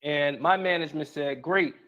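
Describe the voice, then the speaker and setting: Man reading messages in a slightly high voice. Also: normal speed, a bit bright, lo-fi sound. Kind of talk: reading out messages and recounting events.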